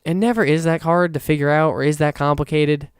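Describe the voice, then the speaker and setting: A young man talks through a casual solo podcast, rambling and swearing freely between fillers. His voice sits a little high for a man and sounds smooth and resonant. The recording is dry and close, with no room sound. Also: steady tone, brisk, dry recording. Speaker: podcast host.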